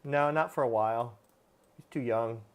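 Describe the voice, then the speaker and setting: A man with a medium-pitched, clean-toned voice speaks at normal speed as he hosts a live stream. As a dog trainer, he answers viewers' dog questions plainly and casually, using frequent fillers.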